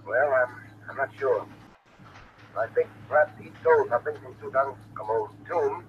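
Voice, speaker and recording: A level-headed police detective, voiced by a man, from a 1940s radio drama talks in a brisk, authoritative way. His delivery stays firm and measured. The old broadcast sounds dull and muffled, with a faint hiss. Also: medium pitch, lightly acted. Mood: skeptical.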